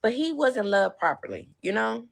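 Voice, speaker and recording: A woman's voice: on the high side, animated, normal speed, vocal fry. A woman talking on her livestream, tearful, rambling and defensive. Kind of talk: emotional live stream talk.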